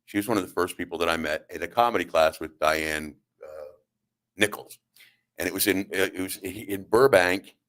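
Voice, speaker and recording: A middle-aged man with a very deep, low-pitched voice hosts a talk radio show from the studio. He tells comic stories in a rambling, halting way and keeps acting out the other people's lines. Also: fairly bright tone. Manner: rambling, halting, with acted-out quotes. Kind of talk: comedic storytelling on talk radio.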